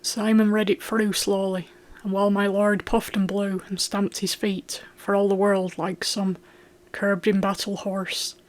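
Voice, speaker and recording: An audiobook narrator reading a historical novel in a steady, clear way. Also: mid-range voice, unhurried.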